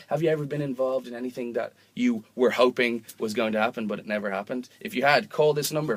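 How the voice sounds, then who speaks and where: Young man doing deadpan mock radio patter. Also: mid-range voice, vocal fry, no room sound. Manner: offhand, deadpan, full of fillers and self-corrections. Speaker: host of a homemade mock radio show. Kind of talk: rambling comic radio patter.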